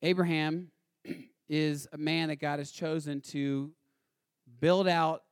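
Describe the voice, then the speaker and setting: A man delivers a sermon in a fairly high voice, retelling a Bible story in casual, animated fashion and slipping into the characters' voices. The sound is close and dry, with no room echo. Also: slow, clean tone. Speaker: pastor.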